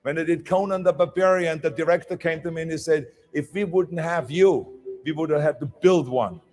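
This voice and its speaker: A man's voice: fairly high pitch, normal speed, darkish tone. An older man with a German accent giving an emphatic motivational speech, with small slips in his phrasing. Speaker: motivational speaker.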